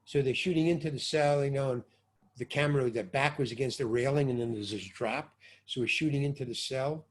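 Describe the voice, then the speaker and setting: An older man being interviewed about his acting work, telling stories in a loose, animated way and acting out the dialogue, sometimes with a curse. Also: medium pitch, fairly quick. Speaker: actor interviewee. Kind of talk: casual anecdotal storytelling.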